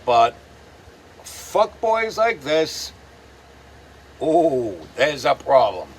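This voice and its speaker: A man's voice: fairly high pitch, sing-song, very slow, a little hiss or hum. A man hosting his own show, delivering a profane, sarcastic ranting commentary. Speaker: host.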